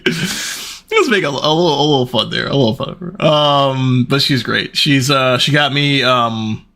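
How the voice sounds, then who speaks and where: A middle-aged man chatting casually on his stream, telling stories in an animated, rambling way. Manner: animated, rambling storytelling with big pitch jumps and laughs.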